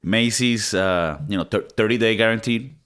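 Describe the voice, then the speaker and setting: A man's voice: lowish voice, moderate pace, clear, resonant tone. A man co-hosting a podcast, chatting casually about a movie and often acting out quotes. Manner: animated, laughing, quotes movie lines in put-on voices. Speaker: podcast co-host. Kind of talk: casual movie review chat.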